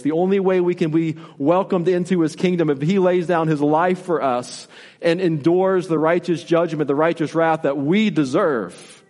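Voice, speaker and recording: A man's voice: on the high side, darkish tone, big-room sound. A man preaching a sermon in an earnest, repetitive style with rising emphasis. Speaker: pastor.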